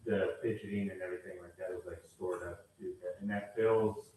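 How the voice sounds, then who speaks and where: Low-voiced man asking a halting question, heard from afar in a very echoey hall. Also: fairly even intonation, a little mellow. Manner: hesitant, many fillers. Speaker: audience member asking a question. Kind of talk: casual question from the floor. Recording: echoey hall, far from mic, faint noise.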